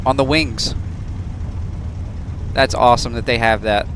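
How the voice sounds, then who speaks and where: A man's voice: mid-range voice, fairly even intonation, measured pace, pauses often, fairly bright tone, a little hiss or hum. A man giving chatty, self-deprecating commentary while streaming a game. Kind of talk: casual gameplay commentary.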